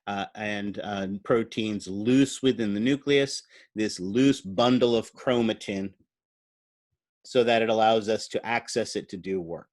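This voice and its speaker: A man's voice: fairly low pitch, a little slow, no room sound, clean studio sound. A man giving a recorded university biology lecture. He explains step by step while drawing, thinks aloud, and asks the class playful questions.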